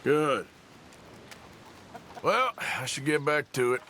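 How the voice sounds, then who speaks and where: A man's voice: medium pitch, animated, slow pace, bright, forceful tone, slight background noise. An actor playing a laconic male outlaw in a video game. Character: gruff outlaw gang member, male, adult.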